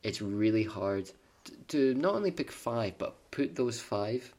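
A man's voice: medium pitch, animated, a little slow, darkish tone. A man co-hosting a casual podcast chat, stumbling over words and joking at his own expense. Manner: stumbling, self-deprecating. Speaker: podcast co-host.

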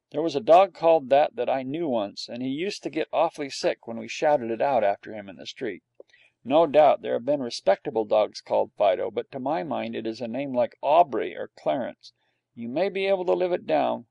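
A man with a gravelly voice reading a storybook aloud in a dry, wry first-person telling. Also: mid-range voice, dark tone, dry recording, lo-fi sound. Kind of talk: storybook narration.

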